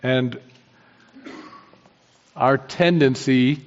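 A man's voice: mid-range voice, drawn-out words. A man preaching a sermon, earnest and emphatic, repeating his key phrases for weight. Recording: dull sound with long hall reverb.

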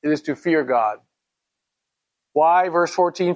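A man's voice: fairly high pitch, takes it slowly, long pauses, highs cut off. A man teaching a Bible study in a conversational way, reading scripture aloud and asking his listeners questions.

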